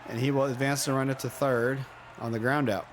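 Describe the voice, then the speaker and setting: A man in his thirties doing casual play-by-play of a baseball video game, chatty and joking, with excited outbursts. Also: mid-range voice, brisk, a crowd in the background. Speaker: play-by-play commentator.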